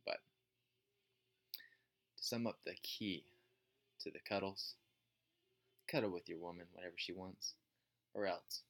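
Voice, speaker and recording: Male podcast host, low and gravelly, bright and forceful, rambling and self-deprecating. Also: fairly even intonation, unhurried, pauses often. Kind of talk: casual storytelling.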